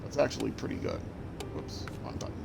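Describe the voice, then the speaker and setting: Male game streamer, casual commentary, rambling, self-correcting, game music behind. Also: a little fast.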